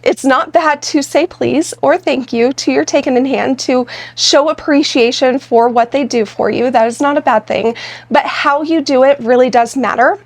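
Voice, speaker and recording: A woman's voice: sits high, moderate pace. A woman co-hosting a podcast, explaining points directly and walking through examples. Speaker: podcast co-host. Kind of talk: casual conversational podcast talk.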